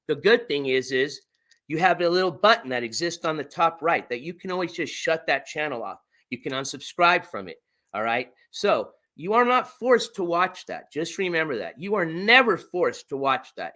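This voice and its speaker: A man's voice: a little high, big pitch swings, normal speed, bright, forceful tone. A man hosting a casual livestream chat, laid-back and rambling, swearing now and then. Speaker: streamer.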